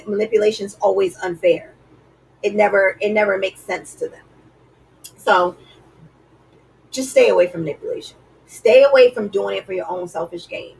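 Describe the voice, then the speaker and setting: A woman's voice: mid-range voice, creaky, husky, recorded from a distance, low-quality recording. A woman vlogger giving earnest, preachy relationship advice in a casual way, with lots of "like".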